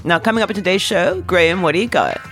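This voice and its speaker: A woman's voice: fairly low pitch, expressive, fast talker, a bit bright, soft background music. A woman from Canada co-hosting a podcast, teasing and laughing often in casual chat. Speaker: podcast co-host.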